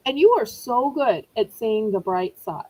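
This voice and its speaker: A woman's voice: a little high, lively intonation, a little slow, a little mellow, husky, rough recording. Chatty woman auction host. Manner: chatty, rambling and apologetic. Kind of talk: live-stream selling chat.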